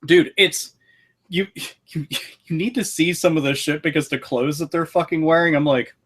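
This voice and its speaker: A man hosting a podcast, telling excitable, profane stories in casual chat. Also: fairly high pitch, moderate pace. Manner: profane, excitable storytelling with frequent swearing. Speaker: podcast host reviewing a video game.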